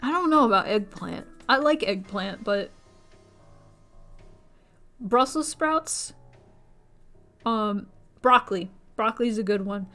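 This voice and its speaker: A young woman streamer chatting casually with viewers, rambling from one thought to the next and jumping into a squeaky high voice when she quotes someone. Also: normal speed, sharp tone, soft background music.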